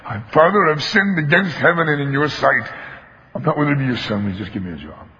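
A preacher playing a humbled young son, soft and lowered as he pleads his rehearsed apology. A long hall echo trails the quiet voice, and the sound is dull and lo-fi. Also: animated, fast talker. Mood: humble pleading.

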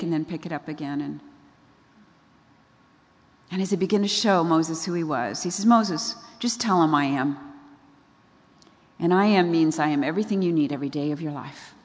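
Low-pitched and darkish in tone, she delivers her sermon at a brisk clip. She keeps it conversational, repeatedly asking the audience questions, while a big hall adds long reverb.

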